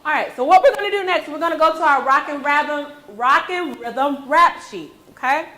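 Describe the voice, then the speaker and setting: A woman with a high, bright voice leads a music class in a school classroom. She encourages the pupils and keeps asking "okay?" to check that they follow. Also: moderate pace, slight background noise, rough recording. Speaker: music teacher. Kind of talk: classroom teaching.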